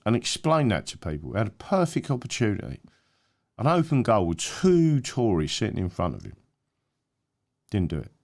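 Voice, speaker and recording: A man's voice: on the low side, huge pitch swings, moderate pace, vocal fry, a little mellow. A man hosting his own channel, giving rambling, emphatic political commentary with many fillers and restarts. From England. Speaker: channel host.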